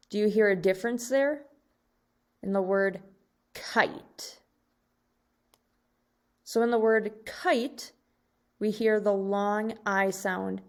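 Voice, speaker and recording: A woman teacher giving a recorded slide lesson to second graders, speaking slowly and deliberately and drawing out each example word. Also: mid-range voice.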